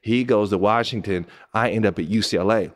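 A man in his thirties from Southern California, telling a personal story as a podcast host, animated and emphatic, rising high when excited and dropping soft when moved. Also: fairly quick. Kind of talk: storytelling monologue.

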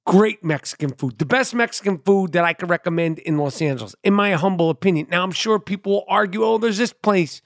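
A man's voice: high-pitched, quick pace, few pauses, dry recording, studio quality. A middle-aged man hosting a podcast, rambling in a loose, profane, streetwise monologue. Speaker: podcast host. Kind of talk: casual monologue.

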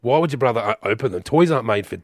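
A man's voice: mid-range voice, animated, racing, a little mellow, no room sound. A man co-hosting a radio chat, laid-back with wry interjections. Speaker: radio co-host.

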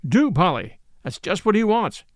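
A man's voice: high voice, sing-song, moderate pace, dry recording, studio quality. A man voicing a kind, cheery male cab driver who speaks in a friendly but firm way.

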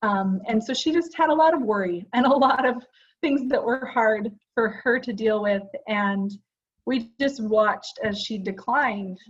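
Speaking a little slowly in a slightly high voice, this podcast co-host in her forties keeps the chat casual and sincere, peppered with fillers. The sound quality is lo-fi.

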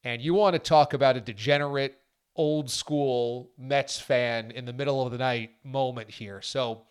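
A man's voice: medium pitch, smooth. A man hosting a podcast, chatting enthusiastically and casually like a sports fan. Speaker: podcast host.

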